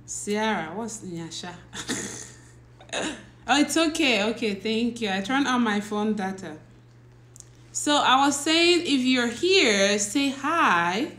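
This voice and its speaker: Slow-talking woman greeting livestream viewers. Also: fairly high pitch, a bit bright, echoey room, a little hiss or hum. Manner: chatty, laughs often, reads out viewer names; talks slowly. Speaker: livestream host, teacher. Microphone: phone or laptop livestream.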